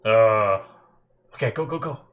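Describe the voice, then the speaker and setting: A man reacting aloud to an anime episode, exclaiming and thinking out loud, getting teary and emotional. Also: fairly low pitch, animated, unhurried. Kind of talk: live reaction commentary.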